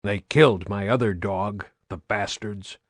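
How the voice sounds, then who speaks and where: A man narrating an audiobook, putting on the voice of a blunt, rough middle-aged farmer in a raised, pitched-up tone. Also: measured pace, no room sound, clean studio sound.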